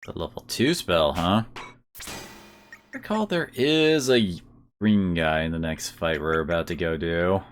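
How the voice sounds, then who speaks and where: A man's voice: sits low, animated, measured pace, slight background noise. A man giving offhand, joking commentary while streaming a game. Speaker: gaming streamer. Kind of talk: casual let's-play commentary.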